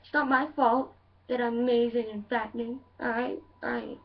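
A talking cheeseburger complains in a quiet, sulky voice, full of self-pity, as a woman acts it out. The voice is high. It sounds dull, as if from across a room. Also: steady tone, moderate pace, natural voice.

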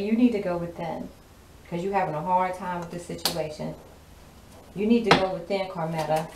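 A woman gives a spoken channeling tarot reading. She sounds sassy and drawling and laughs often. Her voice sits a little low, and it comes from some distance off the mic in an echoey, noisy room. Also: darkish tone. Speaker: tarot reader.

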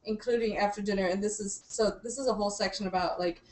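A woman's voice: medium pitch, steady tone, fast, a little mellow, roomy sound, slight background noise, rough recording. A young woman hosting a casual group chat, upbeat and giggly, sometimes reading aloud from a book. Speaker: host.

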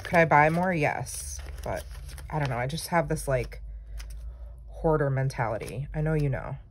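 Sitting low in pitch, this young woman's voice moves at a moderate pace as she crafts and chats. She's a planner vlogger who rambles and pokes fun at herself while decorating a planner, with a little noise in the background.

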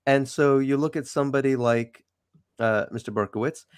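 A man with a New York accent, born in the city, hosting a casual interview with wry, animated chat. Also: medium pitch, moderate pace, smooth, dry recording, clean studio sound. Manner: chatty, wry, animated sign-offs. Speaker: show host.

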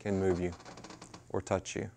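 A man preaching a sermon at a mission chapel, talking in a conversational way with sudden loud bursts and hushed asides. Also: deep voice, flat delivery, measured pace, vocal fry, slight background noise. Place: mission chapel with a live audience.

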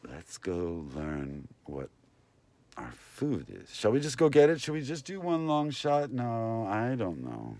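A man's voice: medium pitch, huge pitch swings, takes it slowly, mellow, no echo. Man, rambling vlog host, wandering talk, swooping intonation. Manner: meandering, talks to viewers and passersby. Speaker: vlogger and host.

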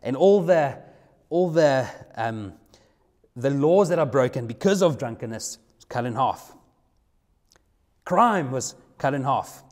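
A man's voice: medium pitch, animated. Emphatic man preaching a sermon. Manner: emphatic, slows down to stress key words.

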